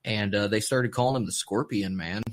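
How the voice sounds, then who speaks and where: A man's voice: on the low side, moderate pace. A man hosting a podcast in casual chat, telling a history story in a rambling, swearing way. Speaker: podcast host.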